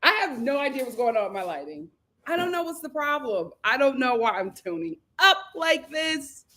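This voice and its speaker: A woman hosting a casual livestream from home on a computer mic, chatty and animated, laughing often as she reads viewer comments aloud. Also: high-pitched, normal speed. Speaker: livestream host.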